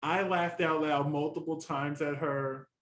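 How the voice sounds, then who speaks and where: A man co-hosting a casual review chat, animated and laughing often. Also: on the high side, unhurried, slight background noise, rough recording. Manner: chatty and animated, laughs often, quotes reactions. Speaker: co-host reviewing a TV competition.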